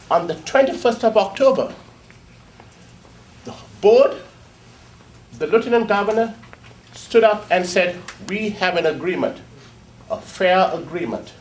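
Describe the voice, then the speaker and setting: A man's voice: sits high, slight background noise. A man scolding a board during public comment, sarcastic and reproachful. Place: public meeting hall.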